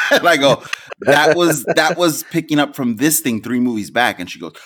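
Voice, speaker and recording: A man co-hosting a podcast in casual chat, animated, often restarting sentences and acting out quotes. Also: mid-range voice, normal speed, a little hiss or hum. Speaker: podcast co-host.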